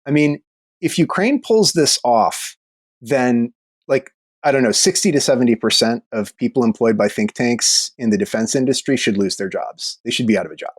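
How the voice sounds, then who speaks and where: A man appearing as a podcast guest, telling stories in casual chat with rambling, profane, halting speech. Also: mid-range voice, no room sound.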